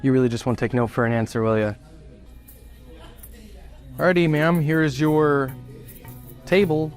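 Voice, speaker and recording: A man's voice: on the high side, a little slow, faint music behind, close to an everyday voice. A man playing a condescending, sarcastic restaurant host in a comedy skit. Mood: snide. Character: smug rude male restaurant host. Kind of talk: skit acting.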